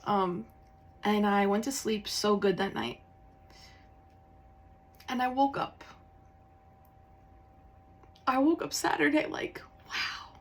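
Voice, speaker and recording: A woman tarot reader talks in a candid, confessional way, slightly tearful. Her speech wanders, with fillers and restarts, at a middling pitch for a woman. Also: lively intonation, takes it slowly, pauses often. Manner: candid, rambling, with many fillers and self-corrections. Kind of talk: casual confessional talk.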